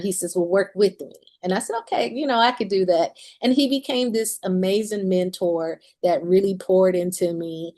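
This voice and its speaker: A woman's voice: mid-range voice, moderate pace, few pauses, a little mellow. A woman in her forties, a musician and author, candidly telling a personal story in an interview and laughing often as she talks.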